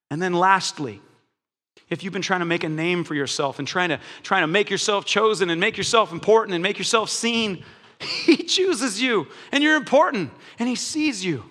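A male pastor preaches in a high, bright voice with a lively, conversational manner. His words ring out through a church sanctuary with a long reverb. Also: normal speed. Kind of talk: sermon.

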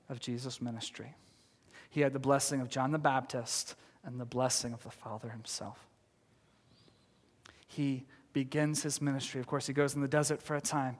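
A man's voice: mid-range voice, level tone, normal speed, long pauses, long reverb tail. A man preaching a sermon as pastor, telling the story with laughs, asides and acted quotes.

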